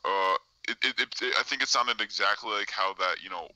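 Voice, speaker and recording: A young man talking casually as an interview guest, hesitant and halting, full of fillers and repeats. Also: lowish voice, over a noisy crowd, rough recording. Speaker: guest claiming to be a time traveler. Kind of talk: casual live-stream interview.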